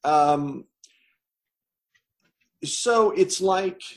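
A man as an interview guest, telling his story in a rambling, halting way with many pauses. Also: sits high. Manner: rambling, halting with many ums and repeated words. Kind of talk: casual storytelling.

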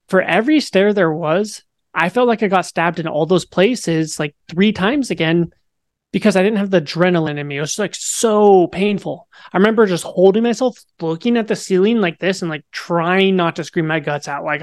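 A young man in his twenties, speaking in a casual, animated way with many fillers, telling a personal story as an interview guest. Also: sits high, moderate pace, no room sound, clean studio sound.

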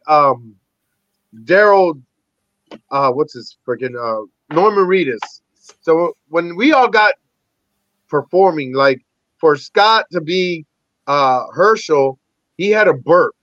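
A man, an actor and army veteran, telling animated, profanity-laced stories as a podcast guest. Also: high-pitched, no room sound. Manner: animated, rambling, heavy swearing. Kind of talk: casual storytelling interview. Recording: dull lo-fi dry recording.

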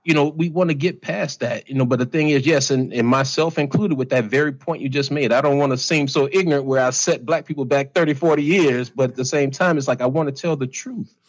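A man's voice: medium pitch, a little fast, few pauses, rough recording. Man, late forties, podcast co-host, earnest, colloquial, lots of "you know", casual talk. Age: 40s. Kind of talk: casual conversation.

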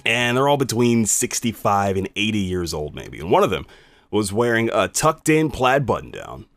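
A man, a radio host, telling a personal story in an animated, conversational, emphatic way. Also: lowish voice, normal speed, soft background music.

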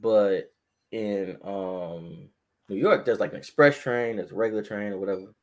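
Young man, casual storyteller; animated, laughing, acts out both sides of a call. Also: on the low side, moderate pace. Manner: animated, laughs a lot, acts out phone calls. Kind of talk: casual chat.

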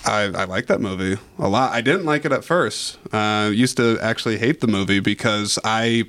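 A man's voice: on the low side, moderate pace, fairly bright tone, no room sound. A young man hosting a podcast in a movie theater, talking casually with many restarts and easy laughs. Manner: hesitant, repeats words, laughs easily. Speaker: podcast host. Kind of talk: casual interview.

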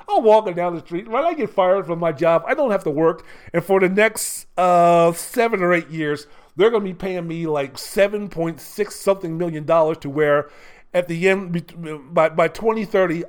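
A man hosting a solo sports talk show, ranting with profanity and shouting. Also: a little high.

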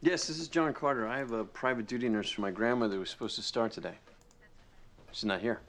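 A man's voice: medium pitch, fast talker, lightly acted. An actor playing a grown man who confronts his estranged mother in a TV drama, sarcastic and bitter. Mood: curt. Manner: sarcastic, rising to shouting. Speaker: grandson caring for his grandmother. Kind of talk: TV drama acting.

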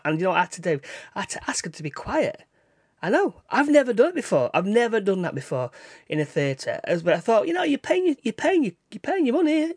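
A man hosting a casual solo podcast, rambling along, repeating and restarting his words, with sudden excitable bursts. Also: high voice, no room sound, studio quality. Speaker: podcast host. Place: indoors, rain outside.

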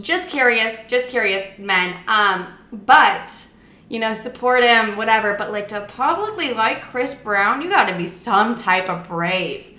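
A young woman chats straight to camera in a casual, blunt way, cursing freely and telling her stories with a playful edge. Her voice sits a little high and sounds bright and forward. The room around her gives it a noticeable echo. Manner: blunt, swearing, playful storytelling. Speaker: vlogger. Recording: roomy echo.

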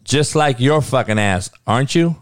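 A man's voice: medium pitch, animated, moderate pace, no echo, clean studio sound. A man hosting a livestream, talking to his chat in a heated, profane way, firing off rhetorical questions and often stumbling over restarts. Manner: frequent restarts and stammered repeats. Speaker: livestream host. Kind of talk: casual livestream talk answering chat.

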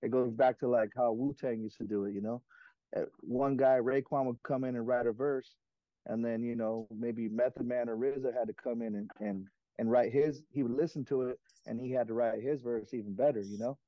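A man's voice: medium pitch, fairly even intonation, brisk, no room sound. A man, a guest on an interview show, talking in a laid-back way and filling his speech with "you know". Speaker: comic co-creator, guest. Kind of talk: casual interview chat. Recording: slightly dull lo-fi sound.

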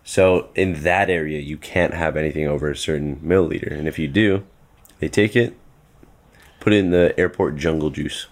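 A man's voice: rumbling low, normal speed. A man co-hosting a podcast, chatting casually and joking, with a laid-back, rambling delivery full of fillers. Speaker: podcast co-host. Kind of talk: casual chat.

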